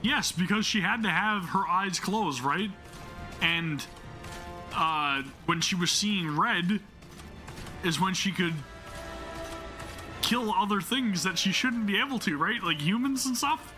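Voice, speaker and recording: With soft background music behind him, this gaming channel host speaks high and slowly, leaving long pauses. He gets excited about the game story, curses, laughs, stumbles over words and reads narration aloud in between.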